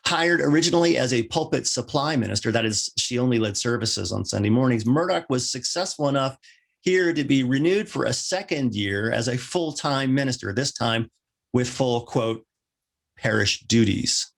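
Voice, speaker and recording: A male minister delivering a sermon, with wry joking asides and lively rising emphasis. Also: medium pitch, moderate pace, vocal fry.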